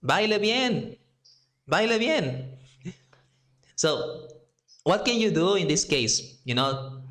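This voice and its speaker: A man with a Mexican Spanish accent teaching Spanish in English, speaking slowly and deliberately and drawing out example words. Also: mid-range voice, fairly bright tone. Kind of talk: language lesson.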